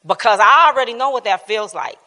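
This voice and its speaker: A bright, forceful woman in her fifties tells a personal testimony at a church Bible class, animated and laughing often, sometimes dropping to a hush. Her voice rings out with a long hall reverb behind it. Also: fairly high pitch, fairly quick. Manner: animated storytelling, laughs often, drops to quiet tones. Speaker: church speaker sharing testimony.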